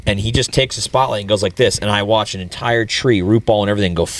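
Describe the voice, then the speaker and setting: A man's voice: lowish voice, quick pace, a little hiss or hum. A man, telling a story in a casual talk show and laughing as he goes. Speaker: podcast host.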